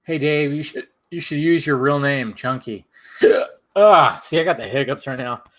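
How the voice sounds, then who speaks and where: A man's voice: medium pitch, moderate pace, fairly bright tone. A man hosting a casual drinking stream, rambling, swearing and laughing while he has the hiccups. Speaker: channel host.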